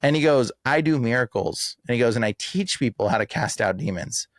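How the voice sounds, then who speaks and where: Man ranting fast and emphatic, says bro a lot, dry close-up sound. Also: mid-range voice, no echo. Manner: animated, emphatic, slangy with frequent "bro" and "like". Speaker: exorcist guest. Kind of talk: casual podcast interview.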